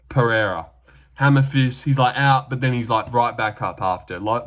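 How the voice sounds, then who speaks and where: A man's voice: mid-range voice, moderate pace. A young Australian man talking casually through his fight predictions, rambling with lots of fillers.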